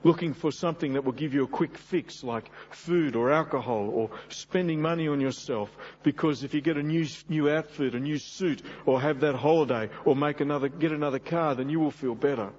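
A man's voice: on the high side, fairly quick, hardly any pauses, a little mellow, slight background noise. A middle-aged man preaching a sermon, speaking earnestly and directly to his congregation. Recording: dull lo-fi sermon recording.

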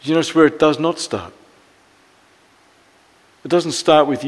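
Australian pastor preaching in a reverberant church. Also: male voice, on the high side, measured pace, pauses often. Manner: storytelling, often dropping to a soft hush. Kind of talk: sermon.

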